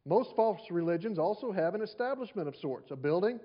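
A man's voice: high-pitched, animated, brisk, muffled recording. Man preaching a conversational sermon. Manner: conversational preaching with rhetorical questions and repeated phrases. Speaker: pastor.

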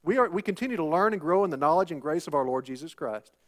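A man's voice: a little high, animated, fast. A male pastor preaching a sermon, asking rhetorical questions and repeating phrases for emphasis. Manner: rhetorical questions, call-and-response "Amen?".

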